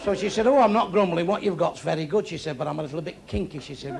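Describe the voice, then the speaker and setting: Man, stand-up comic, gravelly, fairly high voice, echoey club, loud crowd. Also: fast, hardly any pauses. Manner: blunt, crude, deadpan delivery. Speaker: stand-up comedian. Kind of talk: stand-up comedy set. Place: club stage with audience.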